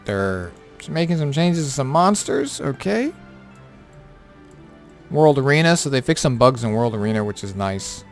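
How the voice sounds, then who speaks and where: A man's voice: medium pitch, sing-song, a little slow, faint music behind. A tired man who has been up all night, casually going over game patch notes with lots of fillers and offhand remarks. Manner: rambling, filler-heavy, offhand. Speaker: gaming content creator.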